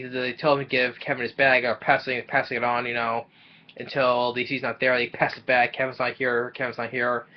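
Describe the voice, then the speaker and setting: A man talks through a movie plot in a loose, rambling way, stumbling over his words and restarting often. His voice sits at an ordinary middle pitch, and the recording sounds dull and lo-fi. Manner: rambling and halting, with many fillers and restarts. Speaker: movie reviewer. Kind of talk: casual spoken film recap.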